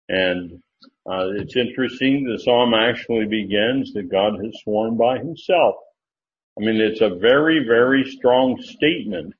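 A man teaching a Bible study lesson in a casual, thinking-aloud way, checking his sources as he goes. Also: medium pitch. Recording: dull lo-fi recording with faint noise.

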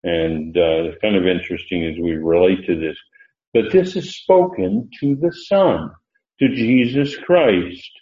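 A man teaching a Bible lesson, reading verses slowly and stressing key words, with frequent "uh" pauses. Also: sits low, darkish tone. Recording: roomy lo-fi recording.

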